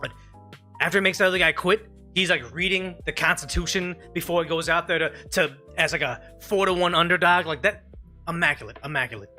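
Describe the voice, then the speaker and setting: A man's voice: high-pitched, a little fast, pushed and bright, soft background music. A man hosting a live stream, giving emphatic, rambling opinion commentary on clips and often restarting mid-sentence.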